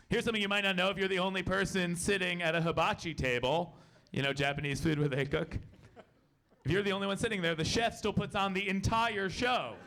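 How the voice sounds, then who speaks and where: A man performing a stand-up comedy set on stage, telling stories deadpan and acting out loud quotes. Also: fairly high pitch. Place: comedy club stage with a laughing audience.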